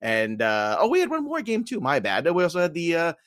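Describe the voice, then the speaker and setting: A man co-hosting a casual sports podcast, joking and animated, laughing often as he runs through results. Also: fairly high pitch, brisk, clean tone, dry recording, clean studio sound. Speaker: podcast co-host.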